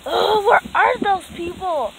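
Woman voicing a frightened captive animatronic, fan cartoon, very high voice, shaky, stammering, faint noise. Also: expressive, slow pace, creaky, full character voice. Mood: scared. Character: frightened captive animatronic, defiant when cornered. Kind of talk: amateur voice acting for a fan animation.

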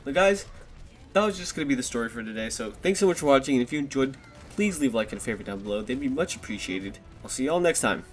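A man's voice: mid-range voice, lively intonation, quick pace, faint music behind. A man in his twenties telling a story casually to his viewers, rambling, swearing often and laughing at himself, recorded on a desktop microphone. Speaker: vlogger. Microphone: desktop USB microphone.

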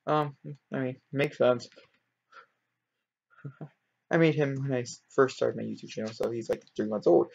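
A man chatting casually over his game, excitable and rambling, his voice leaping up high when something thrills him. His voice has a gravelly, husky edge. It comes through a dull, lo-fi home mic. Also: unhurried, long pauses. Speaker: gaming video creator.

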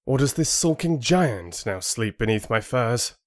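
A man's voice: medium pitch, animated, unhurried, no room sound, clean studio sound, voice pushed up, lightly acted. A man voicing an angry, defiant young man who speaks in a bitter, accusing tone in an audiobook. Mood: sulky.

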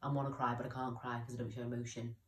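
A woman's voice: a bass voice, flat delivery, rapid-fire, echoey room. A young woman talking candidly in a personal vlog, rambling and often losing her train of thought. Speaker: vlogger.

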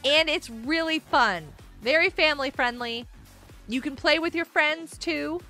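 A woman streaming a game live, chatting casually and reading messages from the chat aloud, with excitable outbursts. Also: high-pitched, measured pace, soft background music.

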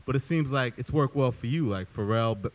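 A man's voice: medium pitch, brisk. A man hosting an interview, asking long, loose questions packed with "like" and "you know". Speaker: interview host. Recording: muffled lo-fi audio.

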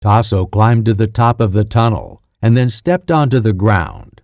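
A man reading an audiobook in a measured, deliberate narration. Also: lowish voice, darkish tone, no echo, studio quality.

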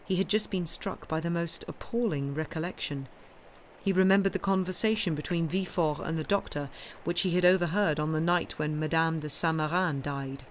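A woman reading a classic novel aloud on a live stream, with expressive, steady narration. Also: low-pitched, a little fast, a little hiss or hum. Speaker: audiobook reader.

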